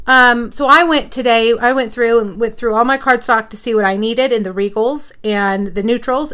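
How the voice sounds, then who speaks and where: A woman's voice: on the high side, bright, forceful tone. A middle-aged woman hosting a crafting live stream on her phone, chatting casually, laughing and sounding a bit frazzled. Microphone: phone camera.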